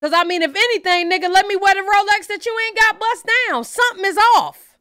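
High bright-voiced woman giving blunt opinions. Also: fast, dry recording, clean studio sound. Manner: blunt, profane, animated opinions with slang. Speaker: reaction channel host. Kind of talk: casual reaction commentary.

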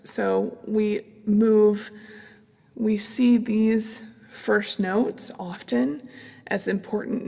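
A middle-aged woman, a clarinet professor, calmly explaining practice strategies in an instructional demonstration. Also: mid-range voice, vocal fry, breathy edge, long reverb tail. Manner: calm, explanatory, with fillers.

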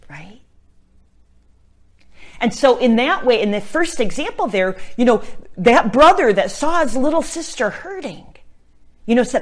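A woman's voice: a little high, sing-song, measured pace. A woman and Catholic missionary giving an earnest spoken reflection on faith, often checking in with "right?" and moving between emphatic and near-whispered lines. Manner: earnest, tags points with "right?".

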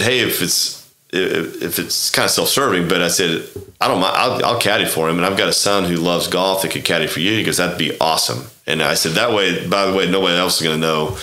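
A middle-aged man from Oklahoma, a golf professional, telling a story in a casual interview, rambling and animated, acting out quoted dialogue. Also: deep voice. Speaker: golf club professional, guest. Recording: echoey room.

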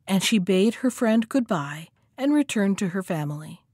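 A woman's voice: medium pitch, normal speed, slightly rough, dry recording, clean studio sound. Woman reading a folktale aloud. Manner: expressive, acts out the characters' lines. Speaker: storyteller. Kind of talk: storybook read-aloud.

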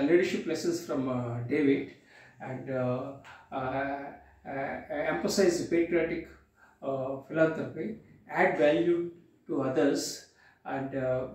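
A man giving a motivational talk to camera, halting, with many pauses and filler sounds and repeated words as he restarts. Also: fairly high pitch, a little mellow. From India. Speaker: vlogger. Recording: very echoey room, distant from the mic.

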